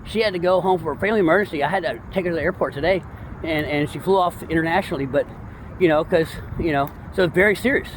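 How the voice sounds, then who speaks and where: A man in casual, rambling commentary, excitable and slangy, full of digressions. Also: fairly high pitch, fast, a little hiss or hum. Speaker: true-crime commentator.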